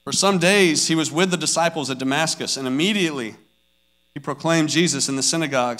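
A man in his thirties talks through a personal devotional message. His voice sits a little high and sounds bright and forceful. He tells his stories earnestly and acts out the scenes he describes. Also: a little fast. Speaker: father sharing a devotional message.

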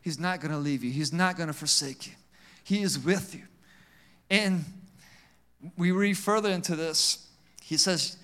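A male pastor preaching a sermon with call-and-response amens, swinging between emphatic and quiet passages. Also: fairly high pitch, moderate pace.

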